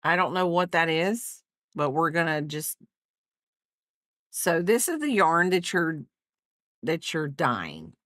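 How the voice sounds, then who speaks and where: A woman chats slowly while she crochets on a livestream, her pitch swooping up and down as she rambles. She pokes fun at herself, laughs often and talks to both her viewers and her dog. Her voice sounds dry and close, with no room around it. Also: sing-song, a bit bright, dry recording. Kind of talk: casual chat while crafting on a livestream.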